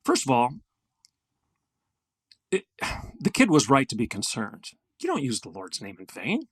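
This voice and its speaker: An older man with a gravelly voice, a guest telling a story in an earnest, emphatic way in a podcast interview. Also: medium pitch, huge pitch swings, unhurried, no room sound. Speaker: guest, former university president.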